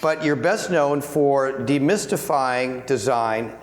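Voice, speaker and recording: A man in the middle of the pitch range interviews a guest on stage, framing his questions politely and at a measured pace. His voice rings through a large hall with a long, roomy reverb.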